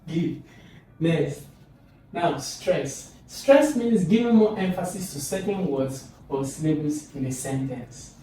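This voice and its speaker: Lively man teaching, echoey distant recording. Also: slow. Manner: lively, demonstrative, swoops pitch on example phrases. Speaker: English teacher. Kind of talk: recorded video lesson.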